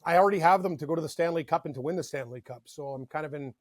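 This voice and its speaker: A young Canadian man co-hosting a sports betting podcast, talking in an excitable, rambling way full of "like" and "dude". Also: on the high side, rapid-fire, dry recording, clean studio sound. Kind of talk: casual sports chat.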